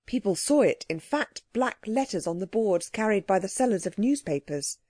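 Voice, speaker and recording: A woman narrating a children's audiobook in a clear, expressive way, recorded close on a dry mic. Her tone is mellow and soft-edged, at a middle pitch. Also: moderate pace, few pauses, dry recording.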